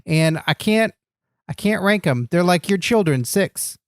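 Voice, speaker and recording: A man's voice: high voice, lively intonation, unhurried, clean tone, dry recording, studio quality. A man co-hosting a comedy wrestling podcast, joking and rambling through his lines. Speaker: podcast co-host.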